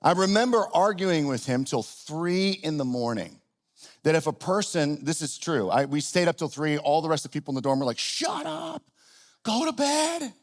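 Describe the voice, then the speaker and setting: A middle-aged man preaching a sermon in a relaxed, conversational way, often restarting his sentences and poking fun at himself. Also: fairly high pitch, brisk. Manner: conversational, self-deprecating, with frequent restarts. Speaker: pastor. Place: church auditorium.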